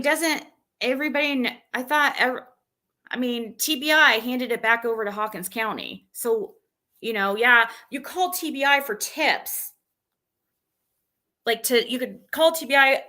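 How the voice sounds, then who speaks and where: Woman, streamer, venting, exasperated, rambling, bright tone. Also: high voice. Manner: exasperated, rambling, retelling an argument with many restarts.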